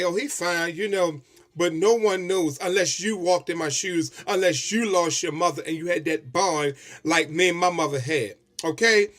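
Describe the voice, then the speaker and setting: A man with a notably high voice speaks in a heartfelt, expressive way, as if straight to his viewers. He is tearing up as he talks through his personal tribute video. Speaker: vlogger.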